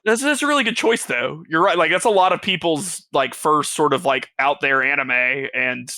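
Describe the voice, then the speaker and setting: A man's voice: on the high side, expressive, moderate pace, pushed and bright, no room sound. A man co-hosting a casual anime podcast, talking hesitantly with many fillers and frequent laughs. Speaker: podcast co-host. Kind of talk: casual chat.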